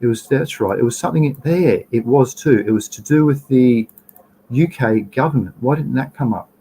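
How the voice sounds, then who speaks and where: An Australian man hosting a live stream in a loose, chatty way. He is blunt and profane, and he rants openly at his viewers. His voice sits at an ordinary middle pitch for a man. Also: moderate pace, dark tone, slight background noise, poor audio. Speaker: livestream host. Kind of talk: casual live stream chat.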